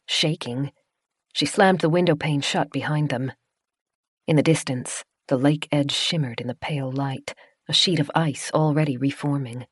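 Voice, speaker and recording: A woman narrating a horror audiobook in a measured, tense, scripted reading. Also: deep voice, husky, no echo, studio quality.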